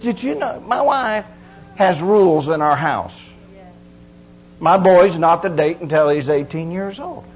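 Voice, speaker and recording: A middle-aged preacher giving a folksy, emphatic sermon full of repeated phrases. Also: male voice, high-pitched, expressive, a little slow, slightly rough, poor audio.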